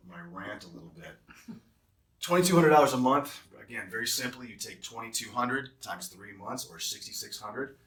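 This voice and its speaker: A man speaks in a fairly low, fairly bright voice as a travel nurse staffing recruiter, guiding nurses through a job offer. When he gets to the hourly pay he becomes heated and emphatic, so the explanation turns into a rant. The mic is distant and the room echoes.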